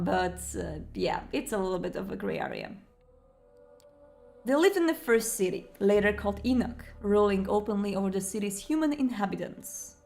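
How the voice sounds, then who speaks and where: A woman's voice: medium pitch, darkish tone. A woman hosting a let's play, reading a visual novel aloud and chatting about its lore between passages.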